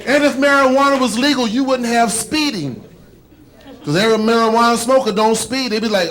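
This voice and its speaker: High-voiced stand-up comic from Texas. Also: male voice, fairly quick. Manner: chatty, frequent "man" and "you know", crowd work. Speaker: stand-up comedian. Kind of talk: stand-up set. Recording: live comedy club with audience.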